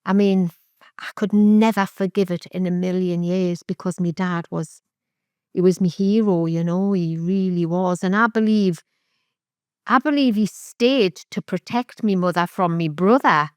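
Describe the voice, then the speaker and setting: A middle-aged woman, a podcast guest giving candid, halting personal testimony and re-enacting what others said. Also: lowish voice, smooth, no echo, clean studio sound. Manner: candid, halting, with vivid re-enactments of remembered speech. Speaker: interview guest.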